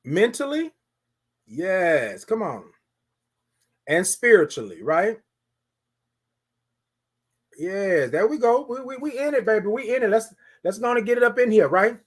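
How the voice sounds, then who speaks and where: A man's voice: sits high, a little slow, long pauses. A man from Houston with a Texan accent, hosting a live morning talk show, calling out to his viewers and greeting them by name. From Houston, Texas. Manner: animated, preachy call-and-response with the audience. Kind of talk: live-stream morning talk with chat shoutouts.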